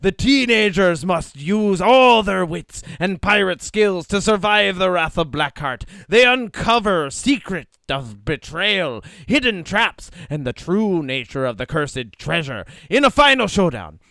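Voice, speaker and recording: A man's voice: sits high, sing-song, measured pace, creaky, few pauses, pushed and bright, no echo, heavily acted. A man hamming up a swaggering pirate storyteller. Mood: theatrical, spooky. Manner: exaggerated pirate growl, theatrical. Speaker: podcast co-host.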